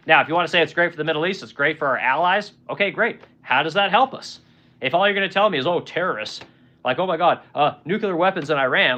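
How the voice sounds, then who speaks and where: A man's voice: a little high, bright, forceful tone. A man in his forties hosting a livestream, ranting bluntly and profanely with lots of rhetorical questions while reading chat comments. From United States. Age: 40s. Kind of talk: casual political rant.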